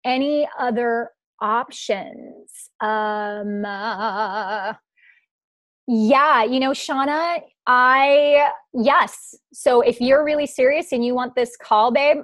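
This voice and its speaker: A woman's voice: a little high, slow, no echo. A woman hosting a live online masterclass, talking to participants over a video call in an encouraging, affectionate way. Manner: warm, encouraging, affectionate with the audience. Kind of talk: live webinar Q&A.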